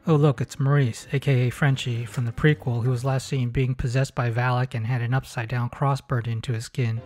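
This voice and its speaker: A man's voice: mid-range voice, little pitch movement, brisk, hardly any pauses, a little mellow, faint music behind. A man hosting a comedic movie commentary, mocking the film in a sarcastic tone. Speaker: host.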